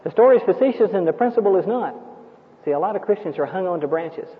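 High-voiced preacher on a tinny recording. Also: male voice, lively intonation, quick pace, slight background noise. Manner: emphatic, storytelling, rhetorical questions. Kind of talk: sermon. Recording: tinny lo-fi sermon recording with long hall reverb.

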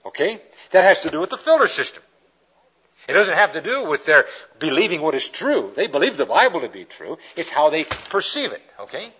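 Male preacher, fairly high husky voice, animated storyteller, dull old recording. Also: a little fast. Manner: animated storyteller acting out quoted characters. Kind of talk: lecture-style sermon with illustrations.

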